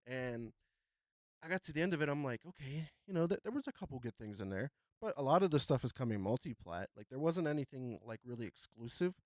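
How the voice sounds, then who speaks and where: A young man hosting a podcast, chatting casually about gaming news with a relaxed, rambling delivery full of fillers. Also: mid-range voice, no room sound, studio quality. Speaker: podcast host.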